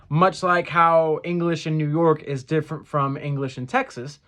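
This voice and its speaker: An earnest young man talks through a casual lesson for churchgoers, slowing down to repeat each phrase for practice. His voice sits a little high for a man. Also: a bit bright. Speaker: church language teacher.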